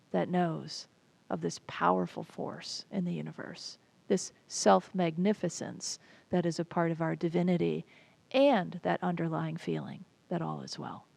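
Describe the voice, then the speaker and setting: Give me a reflective woman minister preaching in a gravelly voice. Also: fairly low pitch, darkish tone, no echo. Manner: reflective, unhurried, with pauses. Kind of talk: sermon.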